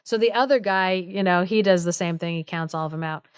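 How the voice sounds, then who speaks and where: A woman's voice: fairly low pitch, brisk, smooth, no echo, clean studio sound. A young adult woman co-hosting a podcast, retelling a folk tale in a chatty way, with lots of fillers. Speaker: podcast co-host. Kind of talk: casual storytelling chat.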